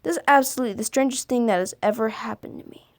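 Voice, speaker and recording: A woman reading scary stories aloud for a video, halting now and then to stumble over and correct her words. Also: fairly high pitch. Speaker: video creator.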